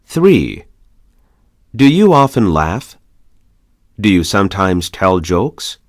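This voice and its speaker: Reading scripted practice questions for a language class, this low-voiced man has a sing-song delivery, his pitch swinging widely from question to question. His pace is steady and his words are clear. The audio sounds close and completely dry.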